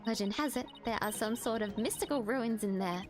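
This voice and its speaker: A woman reading the lines of a sweet, earnest young girl in a game, in a soft, polite manner. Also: fairly high pitch, fairly quick, over music, close to an everyday voice. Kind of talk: reading game dialogue aloud.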